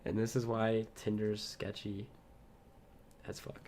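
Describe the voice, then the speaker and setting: A man's voice: fairly low pitch, monotone, slow, a little mellow. A young man co-hosting a podcast, telling a long story in casual chat, rambling, swearing often and laughing at himself. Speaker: podcast co-host.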